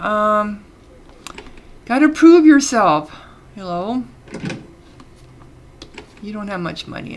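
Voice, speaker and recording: A woman's voice: mid-range voice, a little hiss or hum. A woman casually commenting on a game she is playing, chatty and reading the game text aloud between fillers. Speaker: let's play gamer.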